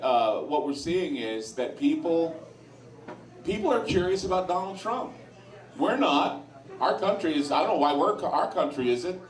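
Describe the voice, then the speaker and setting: Speaking in a voice on the high side, this male radio host addresses a live audience at a sports lounge in an informal bar-crowd talk. Blunt and opinionated with crude asides, he sounds distant in an echoey room.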